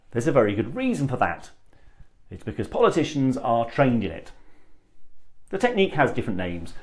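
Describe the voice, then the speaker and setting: A male speech coach explains his craft to viewers in a calm, assured way. His voice rises and falls expressively as he speaks. He slices his sentences into phrases and lets long pauses sit between them. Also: mid-range voice. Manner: deliberate, with long demonstrative pauses. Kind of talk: presenting tips to camera.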